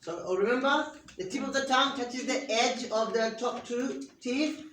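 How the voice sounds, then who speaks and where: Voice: mid-range voice, normal speed, a bit bright, slight background noise. A teacher giving an interactive lesson to a class, patiently asking pupils questions and modelling sounds for them to repeat. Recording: roomy classroom picked up from a distance.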